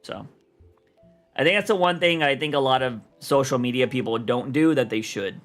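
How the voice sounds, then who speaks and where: A young man rambling in loose, slangy, animated talk as he chats on his livestream about comics. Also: mid-range voice, normal speed, faint music behind. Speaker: streamer and comic podcast host. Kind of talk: casual livestream chat.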